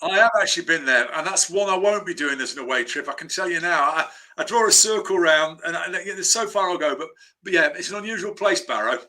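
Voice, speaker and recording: Brief: high, very bright man, animated storytelling guest. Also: fairly quick. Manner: lively storyteller, acts out the scenes. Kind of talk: casual anecdote.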